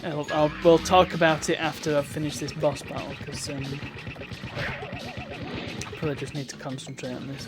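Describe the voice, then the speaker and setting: A man's voice: on the high side, level tone, moderate pace, long pauses, loud music behind the voice. Chatty man streaming a game. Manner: chatty, wry. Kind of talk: casual gameplay commentary.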